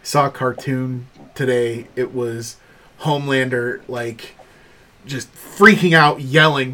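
A man's voice: medium pitch, fairly even intonation, takes it slowly, sharp tone. A man co-hosting a casual pop culture podcast, chatting with small restarts. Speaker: podcast co-host. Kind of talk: casual chat.

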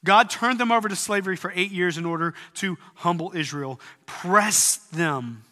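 A man preaching a sermon in earnest tones, rising at times to loud, emphatic peaks. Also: sits high, normal speed, long reverb tail. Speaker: pastor.

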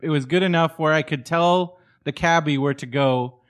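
A man's voice: a little high, moderate pace, fairly bright tone. A man co-hosting a live comedic chat in front of an audience, telling stories in a laid-back, matter-of-fact way. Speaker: co-host. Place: small theater with a live audience.

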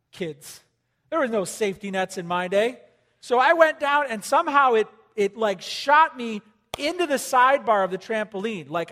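A man preaching a sermon to a congregation, talking conversationally and animatedly, with sudden loud emphasis and quiet drops. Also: sits high. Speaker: pastor. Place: church hall with congregation. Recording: long hall reverb.

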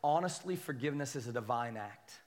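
A man's voice: mid-range voice, animated, brisk. A man preaching a sermon as pastor, reading scripture aloud and calling on the congregation for responses. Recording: long hall reverb.

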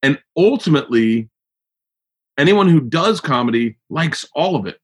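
A man's voice: on the high side, lively intonation, moderate pace, husky. A man hosting a podcast in casual chat, rambling and swearing, with many restarts. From United States. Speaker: podcast host.

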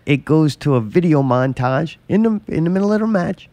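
A man co-hosting a casual chat, telling a story in a profane, animated way. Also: a little high, brisk, no room sound.

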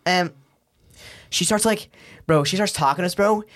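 Animated young man telling a wild story. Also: sits high, normal speed. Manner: animated, swearing, laughing often, slangy. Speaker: guest. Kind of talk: casual storytelling chat.

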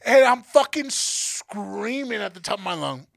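A man co-hosting a podcast, telling stories in a casual, animated and profane way. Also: high-pitched, measured pace, gravelly, no echo. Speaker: podcast co-host. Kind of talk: casual storytelling chat.

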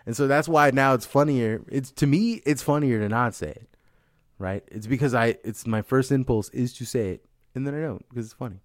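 A man in casual comedic banter, loud and combative, swearing freely and breaking into laughter. His voice sits at an ordinary middle pitch. The sound is dry and close. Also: a little fast, no echo. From Mexico (heritage). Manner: loud, profane, laughing, argumentative. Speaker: podcast co-host.

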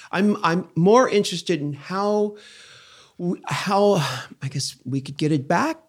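An older man hosting a podcast, talking reflectively and measuredly in casual conversation, with many pauses. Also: fairly high pitch. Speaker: podcast host.

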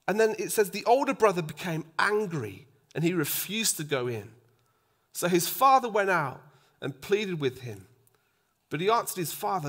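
A man preaching a sermon, acting out the voices in the story and dropping to a soft hush for emphasis. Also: high voice, normal speed. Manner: animated, acts out quoted voices, drops to a soft hush for emphasis.

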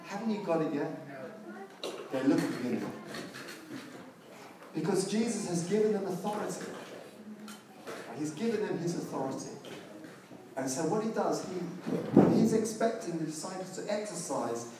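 A man preaching a sermon, telling a story and rising to loud, emphatic peaks. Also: high-pitched, lively intonation, normal speed, long pauses, background noise. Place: large church hall. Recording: echoey church hall, mic at a distance.

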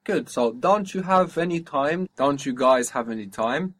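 A man's voice: medium pitch, lively intonation, unhurried. A man teaching a spoken language lesson, patiently asking for phrases, repeating each answer back and explaining pronunciation.

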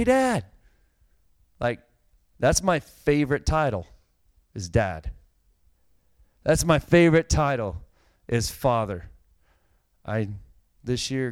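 A man's voice: medium pitch, smooth, no room sound. A middle-aged man, a pastor, preaching a conversational sermon and telling stories with growing animation. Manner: conversational, animated storytelling with a dry joke.

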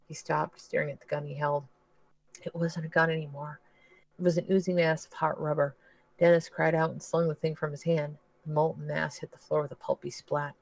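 A man narrates a novel in a measured, low-key way. His pitch stays flat and even, and the dry, close sound has no room in it. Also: vocal fry, dry recording, rough recording. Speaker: podcast host reading a novel. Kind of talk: audiobook narration.

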